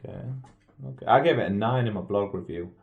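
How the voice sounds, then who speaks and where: A man's voice: on the low side, fast, phone-quality sound. A man hosting a casual film podcast, chatting easily and leading the others through their ratings. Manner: easygoing, leads the rating round. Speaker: podcast host. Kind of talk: casual film review chat.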